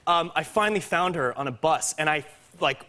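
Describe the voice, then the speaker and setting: A man who is an actor, a guest on a late-night talk show, telling an anecdote in a lively, self-mocking way. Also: on the high side, normal speed.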